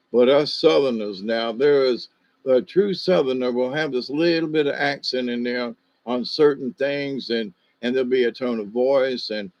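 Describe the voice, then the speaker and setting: Older male livestream host, slight Southern accent, rambling and halting, mid-pitched, muffled lo-fi sound. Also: a little mellow, no room sound. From Ohio, USA. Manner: meandering, hesitant, many fillers. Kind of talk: rambling casual monologue.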